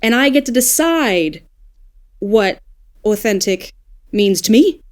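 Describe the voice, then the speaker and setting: An Australian woman, a podcast guest, talking in a casual, animated, thoughtful way and laughing now and then. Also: mid-range voice, slow pace. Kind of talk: casual panel discussion.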